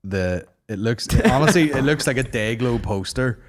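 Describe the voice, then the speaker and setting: Sweary podcast host. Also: male voice, medium pitch, moderate pace. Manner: sweary, animated banter. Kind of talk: casual chat.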